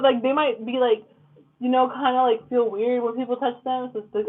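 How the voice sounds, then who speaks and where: A woman's voice: fairly high pitch, steady tone, normal speed. Casting: blunt woman tarot reader, cursing casually, tinny phone-like audio. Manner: blunt, profane, fillers like "like" and "okay?". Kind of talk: casual tarot reading to camera. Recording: lo-fi phone-like sound.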